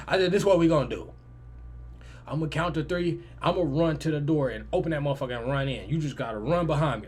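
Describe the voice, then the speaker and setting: A young man telling a story in a lively, casual way, jumping to loud, high-pitched quoted lines. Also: fast talker, husky. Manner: animated, swings loud and high in quoted lines, swears freely. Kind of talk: animated storytelling.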